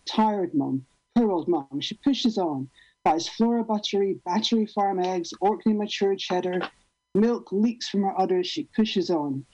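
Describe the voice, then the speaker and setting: A woman reading her own poem aloud in a deliberate, rhythmic way over a video call. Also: fairly low pitch, warm tone, no room sound, muffled recording. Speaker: poet reading her work.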